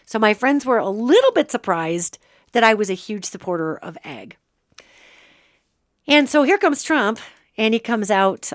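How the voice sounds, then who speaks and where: A woman's voice: mid-range voice, dry recording, clean studio sound. A woman hosting a podcast, talking casually and with animation, breaking off to act out quoted remarks. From Montana. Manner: chatty, animated, acts out quotes. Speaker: podcast host. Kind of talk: casual spiritual commentary.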